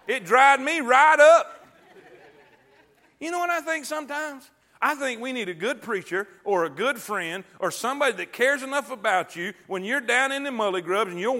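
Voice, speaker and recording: High, bright-voiced preacher. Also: male voice. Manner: folksy, call-and-response preaching, loud bursts when quoting God. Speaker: pastor. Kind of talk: sermon. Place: church sanctuary.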